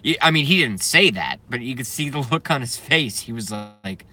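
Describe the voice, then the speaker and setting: A man's voice: mid-range voice, animated, moderate pace, sharp tone, slight background noise. A man doing a comedic, profane live stream rant, keeps breaking into laughing fits. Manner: profane, sarcastic.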